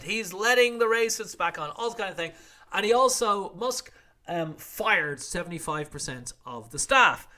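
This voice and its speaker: A middle-aged man hosts a podcast news roundup in a sharp, slightly high voice. He's wry and irreverent, swearing freely and acting out the quotes he covers in this casual monologue.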